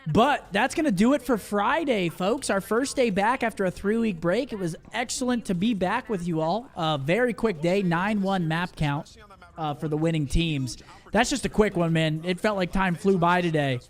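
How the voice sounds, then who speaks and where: Young guy with a pretty high voice, chill, casual swearing, going over the match lineup on stream. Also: normal speed. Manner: laid-back, swears casually, runs through the schedule. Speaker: watch party co-host. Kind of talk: casual stream chat and wrap-up.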